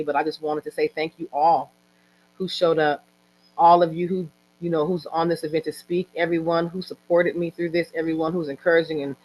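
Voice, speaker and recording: A woman hosting an online event, giving a halting, heartfelt personal speech over a video call. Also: deep voice, rough recording. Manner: halting, heartfelt, with many restarts. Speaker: event organizer and host. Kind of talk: emotional personal speech on a livestream.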